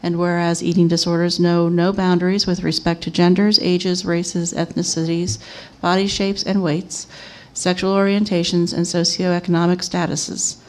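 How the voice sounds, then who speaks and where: A woman chairing a city commission meeting, reading agenda items and a formal proclamation aloud in a steady, even manner. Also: lowish voice, moderate pace, hardly any pauses.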